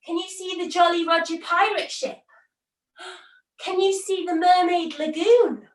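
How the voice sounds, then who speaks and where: Slow, high-voiced children's yoga teacher. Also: female voice. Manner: animated, gasping with wonder. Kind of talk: story-led yoga lesson for children. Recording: roomy, from a distance.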